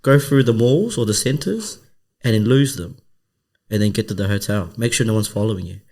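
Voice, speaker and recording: A comedian and podcast co-host speaks briskly in a lowish voice with vocal fry. Chatting casually, he recounts a story with lots of energy, performing the voices of the others in it.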